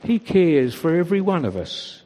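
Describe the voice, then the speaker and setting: A man voicing a gentle, wise old female sheep in a story read aloud. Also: a little high, normal speed. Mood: tender. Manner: calm, reassuring. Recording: reverberant church hall.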